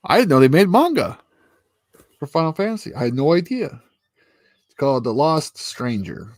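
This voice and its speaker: A man's voice: on the high side, very animated, moderate pace, darkish tone, no room sound. A man hosting a casual chat with friends, crude and teasing, who laughs a lot and acts out mocking voices. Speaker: streamer host.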